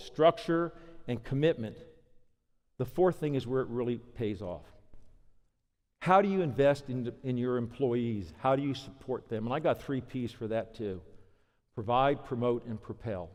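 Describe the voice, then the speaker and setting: A man delivers a leadership keynote at a conference, mixing anecdotes with punchy short lists. His voice sits a little high for a man, and the sound carries a long hall reverb. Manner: energetic storytelling, punchy lists.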